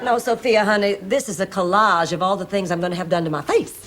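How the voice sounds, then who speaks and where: A woman playing a vain, flirtatious middle-aged woman with a coy, drawn-out delivery, in a studio sitcom. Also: mid-range voice, steady tone, heavy background noise, natural voice. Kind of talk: 1980s studio sitcom acting. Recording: TV audio under music.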